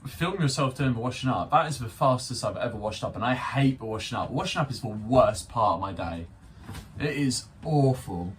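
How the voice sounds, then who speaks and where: A man's voice: medium pitch, lively intonation, moderate pace, recorded from a distance, a little hiss or hum. Rambling, sweary young man. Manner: rambling, sweary, self-mocking. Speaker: vlogger reviewing a spinning top toy. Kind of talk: unscripted casual review.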